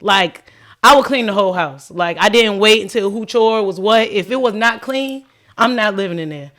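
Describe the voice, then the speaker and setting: A woman speaks as a podcast guest in an easy, chatty way. Her voice sits at a middle pitch, and she tells her story with real animation. She often slips into the voices of the people in it, and "like" runs all through her speech. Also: moderate pace. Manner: animated, acts out quoted dialogue, frequent "like". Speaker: podcast guest, cleaning business owner. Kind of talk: casual storytelling chat.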